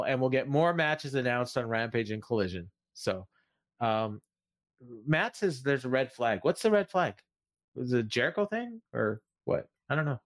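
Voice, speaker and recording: A man co-hosting a wrestling podcast, recapping the week's shows in a loose, rambling way full of fillers and restarts. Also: mid-range voice. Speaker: podcast co-host. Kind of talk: casual wrestling recap chat.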